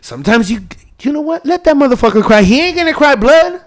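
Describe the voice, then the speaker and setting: A man with a high, very lively voice chats on a podcast, swearing freely as he tells stories. He swings his pitch widely and slips into quick impressions of the people he describes. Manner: profane, animated storyteller who acts out quotes. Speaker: podcast co-host. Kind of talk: casual storytelling chat.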